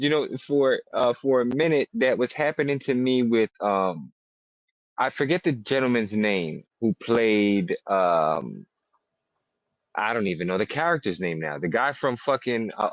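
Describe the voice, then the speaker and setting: A man's voice: mid-range voice, no echo. Rambling, profane man, dry lo-fi sound. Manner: rambling, profane, searching for words. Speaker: podcast co-host. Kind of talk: casual chat.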